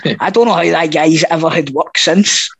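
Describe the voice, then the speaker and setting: Male podcast co-host, high register, blunt and sweary, dry close sound. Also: normal speed, creaky, fairly bright tone, husky, dry recording, low-quality recording. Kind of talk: casual chat.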